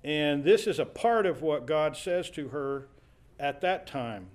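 In an unhurried but animated manner, a man with a fairly high pitch explains scripture to a Bible study class. He talks it through informally, paraphrasing verses and restarting thoughts amid filler words.

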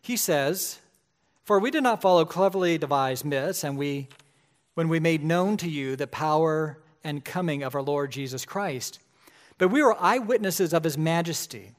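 A man's voice: on the high side, expressive, normal speed. A man, a pastor, preaching a sermon in a conversational way that grows emphatic at key points.

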